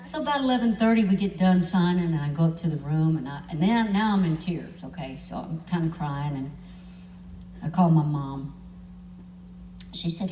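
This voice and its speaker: Brief: country singer, chatty live storyteller, roomy hall, set back from the mic. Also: female voice, low-pitched, lively intonation, normal speed, dark tone, far from the mic, slight background noise. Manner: chatty, self-mocking, laughs as she tells it. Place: large convention hall stage. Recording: echoey live hall, from afar.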